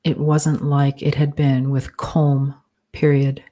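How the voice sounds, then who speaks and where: A woman author dictating a fantasy novel aloud, calling out each comma and period in a measured, deliberate way. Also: very deep voice, flat delivery, warm tone. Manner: speaks punctuation marks aloud, measured and deliberate.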